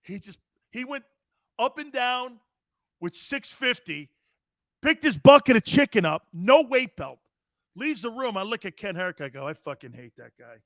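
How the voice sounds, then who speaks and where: A man's voice: very high-pitched, unhurried, long pauses, no room sound, clean studio sound. A man in his fifties hosting a sports talk show, telling boisterous, rambling anecdotes with emphatic restarts. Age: 50s. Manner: animated, emphatic storyteller.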